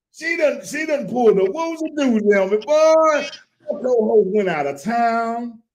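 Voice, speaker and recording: A man with a drawl hosts a live-stream talk show like a hype man. He jokes and riffs with his co-host and fires off his catchphrases in a voice that runs high and leaps all over the place. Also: a little mellow. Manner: hype-man style, joking, repeats catchphrases. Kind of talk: animated casual live-stream chat.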